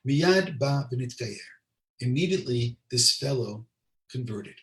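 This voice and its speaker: Gravelly rabbi teaching in a roomy space. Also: male voice, medium pitch, lively intonation, moderate pace. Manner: translates Hebrew line by line, asides to audience. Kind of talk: Torah class storytelling. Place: lives in Israel. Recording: roomy sound, distant mic.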